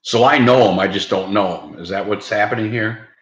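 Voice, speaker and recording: A man's voice: fairly low pitch, a little fast, a little hiss or hum. A man live-streaming in a casual chat with his viewers, joking and laughing often. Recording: roomy, dull lo-fi sound.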